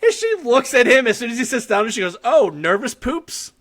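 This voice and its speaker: A man hosting a podcast, casually recapping a short film with animated, profane storytelling and frequent laughter. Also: extremely high pitch, fast. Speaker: podcast host.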